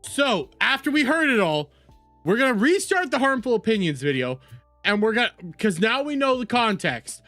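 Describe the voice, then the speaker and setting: A woman streaming a live reaction to a video, talking bluntly, swearing freely and thinking out loud. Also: on the high side, very animated, normal speed, dry recording, faint music behind.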